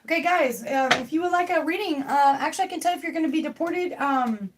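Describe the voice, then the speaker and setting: Young woman, tarot streamer, loose rambling delivery, slightly high voice, faint noise. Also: quick pace. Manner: rambling, joking, talks to chat. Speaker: tarot reader livestreaming. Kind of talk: casual live tarot stream. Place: home.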